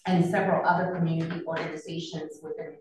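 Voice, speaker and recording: A woman moderates a public meeting in measured, formal wording, pausing on fillers. Her voice sits on the low side and carries from a distance. The room echoes heavily around her. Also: level tone, a little mellow, a little hiss or hum. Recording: echoey room, mic far off.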